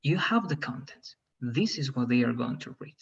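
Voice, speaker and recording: Husky man teaching over a dull line. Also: mid-range voice, animated, normal speed, fairly bright tone. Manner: repetitive, checks in with "all right?". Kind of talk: online class instructions.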